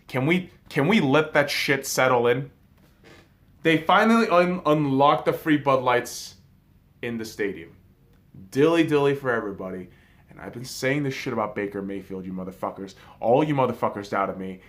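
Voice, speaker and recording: A young man hosting a podcast, talking sports in a casual, profane, excitable monologue with big swings in volume. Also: medium pitch, normal speed. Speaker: podcast host.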